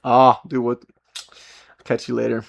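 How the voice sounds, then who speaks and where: Male streamer, casual and profane, mid-pitch voice, trips over his words. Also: completely flat delivery, a little slow, gravelly, lo-fi sound. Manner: rambling, profane motivational rant with many restarts. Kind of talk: casual live-stream talk.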